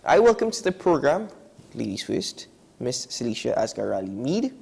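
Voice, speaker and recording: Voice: medium pitch, very animated, normal speed, vocal fry, a little mellow. A morning TV show host who welcomes guests in a bubbly manner and laughs easily. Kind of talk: TV talk show hosting. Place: TV studio.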